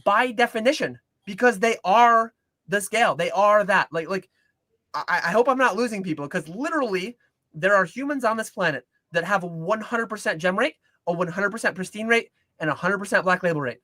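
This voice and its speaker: A man talks on a casual livestream, his voice bright and a little high. He circles back and restarts his sentences, explaining in earnest. The sound is close and dry. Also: fairly quick, dry recording. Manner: rambling with frequent restarts and "like". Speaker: co-host of a card-collecting livestream.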